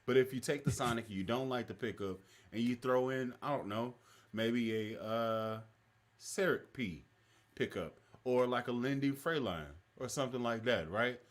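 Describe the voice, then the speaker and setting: A young man, hosting a casual stream chat in an animated, rambling way that is full of laughter. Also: medium pitch, normal speed. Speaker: stream host.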